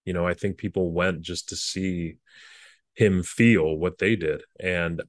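Male guest, low-pitched, earnest and halting, recounting memories in a dry, close recording. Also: steady tone, no echo. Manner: earnest, halting with frequent restarts. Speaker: former presidential speechwriter. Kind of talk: reflective interview storytelling.

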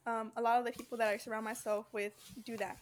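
Young woman, high voice, rambling casual chat, laughs easily, podcast co-host. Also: flat delivery, fast talker. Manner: rambling, laughs a lot, says "dude".

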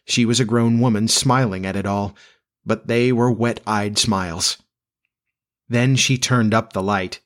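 A man narrating a classic storybook aloud in a measured, expressive reading. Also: lowish voice.

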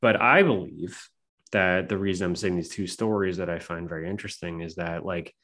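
Low-voiced man telling stories, swearing. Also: fairly quick, a bit bright. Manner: profane, rambling, filler-heavy. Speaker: podcast guest. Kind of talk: casual storytelling chat.

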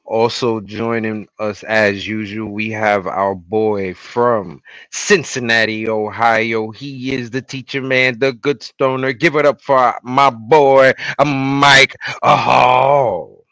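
A man hosting a casual podcast, opening with hype wrestling-style introductions and swinging between loud outbursts and quiet asides. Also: on the low side, fairly even intonation, unhurried, hardly any pauses, dry recording. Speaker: podcast host.

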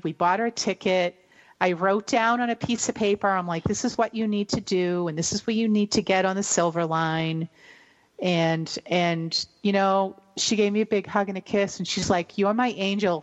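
A woman's voice: mid-range voice, highs cut off. Rambling middle-aged woman telling a story. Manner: rambling, emotional, many fillers and restarts. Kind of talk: casual storytelling on a radio show.

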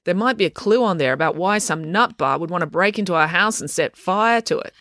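Fussy, anxious boy for a storybook read by a woman; higher voice, fretting in a dry, close sound. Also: lively intonation, brisk, a bit bright, no echo. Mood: skeptical.

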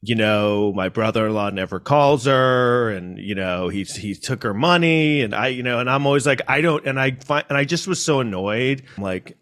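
A man's voice: mid-range voice, expressive, moderate pace, few pauses, a bit bright. A man from New York City telling a personal story in a casual monologue, rambling with restarts and asides.

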